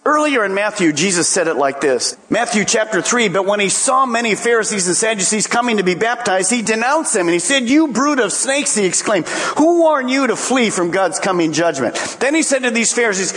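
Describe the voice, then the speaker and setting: Animated preaching man in an echoing hall. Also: high-pitched, moderate pace. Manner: preaching with animated swings, acting out dialogue. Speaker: pastor. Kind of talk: sermon. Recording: long reverb of a large hall.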